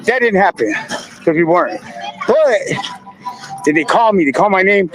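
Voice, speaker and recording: A man's voice: high voice, lively intonation, normal speed, pauses often, noisy background. Fifty-something man telling prison stories. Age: 50s. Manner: laid-back street slang, laughs while telling. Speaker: guest. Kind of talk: casual storytelling.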